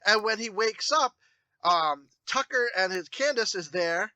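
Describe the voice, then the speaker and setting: A man's voice: high voice, lively intonation, unhurried, sharp tone, dry recording. A man co-hosting a crude movie review podcast, rambling with many restarts. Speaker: podcast co-host. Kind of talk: casual movie review chat.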